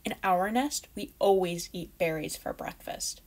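Woman reading as fussy little girl squirrel, high, whiny, loud. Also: a little slow.

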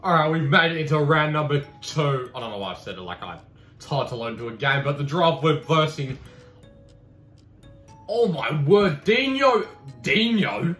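A gaming YouTuber gives excitable gameplay commentary in a slightly fast male voice. He's cheeky and swears, breaking into high-pitched shouts whenever a goal goes in. The room echoes, with faint music in the background.

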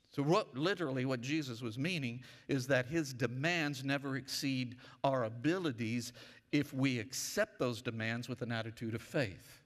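A man's voice: mid-range voice, normal speed, a bit bright. A man pastor preaching a sermon emphatically, leading his church in call-and-response. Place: church sanctuary. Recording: long reverb of a church hall.

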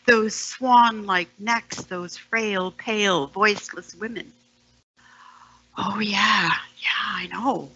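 A woman performing a poem as a storyteller, sardonic and dropping into hushed whispered asides. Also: mid-range voice, animated, slow pace, slightly rough, dry recording, lo-fi sound. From Canada, Ontario. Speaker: storyteller and poet. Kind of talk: dramatic poetry performance.

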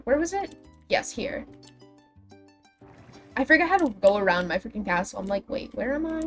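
A young woman livestreaming a building game, chatting with her viewers in a dramatic, self-mocking way. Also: medium pitch. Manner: chatty, dramatic, self-deprecating, talks to chat. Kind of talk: casual game stream chat. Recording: faint music behind.

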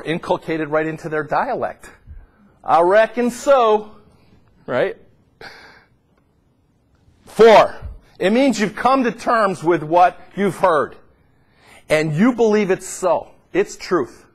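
A middle-aged man preaching a sermon, swinging between loud, high emphatic peaks and low, quiet asides.

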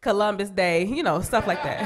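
A young adult woman with a Chicago accent doing a profane stand-up comedy set on a club stage, brash and quick to jump into high squealing voices for the people she quotes.

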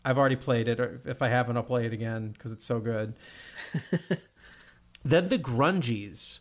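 A man's voice: mid-range voice, normal speed. A man hosting a podcast, chatting enthusiastically and laughing often while recapping comedy sketches. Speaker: podcast host. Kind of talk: casual podcast chat.

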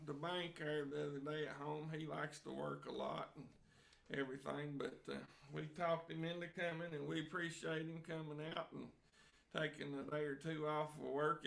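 A man's voice: a little high, little pitch movement, brisk, vocal fry, a bit bright. A man, chatting in a folksy, joking way as a fiddler leading an online jam over a video call. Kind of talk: casual chat between tunes. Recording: video call with music behind.

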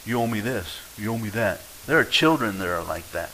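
A male pastor preaching a sermon, lively and acting out quoted voices, swinging between loud and quiet. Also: fairly low pitch, brisk, hardly any pauses, a little hiss or hum, rough recording.

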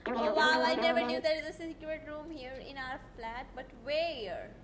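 A young woman streaming a game, chatting excitably and reading lines aloud. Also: sits high, moderate pace, a loud crowd. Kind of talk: live game commentary.

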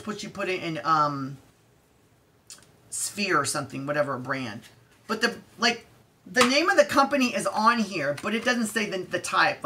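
A woman telling an exasperated storytime rant about an eye appointment, acting out both sides of the argument. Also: fairly low pitch. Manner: exasperated, animated retelling with quoted dialogue; conversational with fillers and restarts. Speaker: vlogger.

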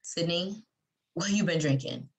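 An actress playing an exasperated young college woman trying to calm her roommate and friend down in a livestreamed stage play. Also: fairly low pitch, unhurried, natural voice. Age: young adult. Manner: placating, trying to calm others down.

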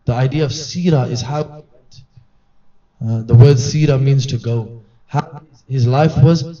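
A man's voice: fairly high pitch, dark tone. A man giving an earnest, conversational religious reminder to a gathering. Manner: earnest, conversational, acts out quoted voices. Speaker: religious teacher. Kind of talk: sermon-style reminder at a gathering. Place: gathering hall. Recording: distant mic, dull lo-fi sound.

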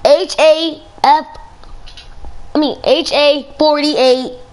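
A woman's voice: high-pitched, steady tone, extremely slow. A woman hosting a game server, chatting casually over voice chat and sternly ordering other players around.

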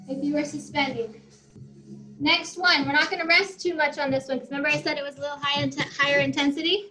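A woman's voice: high-pitched, steady tone, fast, sharp tone, roomy sound, poor audio. A woman fitness instructor leading a workout class, out of breath as she exercises and counts down the reps. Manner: encouraging, counts down reps, talks while exercising. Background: faint music.

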